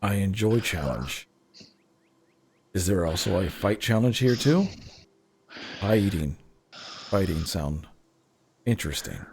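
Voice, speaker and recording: A man's voice: low-pitched, expressive, slow, pauses often, a little mellow, slight background noise, full character voice. A man voicing a stern male Warforged construct who speaks in clipped, broken phrases. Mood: puzzled.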